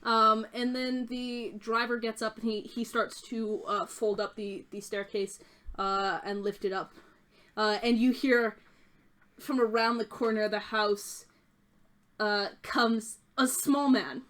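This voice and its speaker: A woman's voice: a little high, fairly even intonation, measured pace, a bit bright. A woman narrating a tabletop game as game master, descriptive and full of "uh" fillers.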